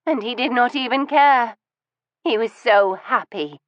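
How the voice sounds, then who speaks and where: A woman's voice: a little slow, a bit bright, no room sound, dull audio. A woman voicing a cold, bitter middle-aged wife who holds a gun, speaking icily with wounded resentment. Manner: icy and commanding, turning wounded and shrill. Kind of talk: audiobook reading.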